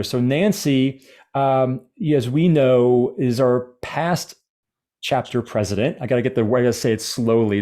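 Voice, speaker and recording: Casting note: man, mid-pitched, eager and chatty, program organizer who keeps restarting his phrases. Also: mellow. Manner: eager, many restarts and fillers. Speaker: speaker academy organizer. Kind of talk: casual video-call chat.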